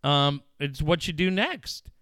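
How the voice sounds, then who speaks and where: A middle-aged man hosting a casual radio chat. He gets excited, swears freely and acts out quotes with big jumps in pitch. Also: slow pace, smooth, no room sound, studio quality. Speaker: radio show host.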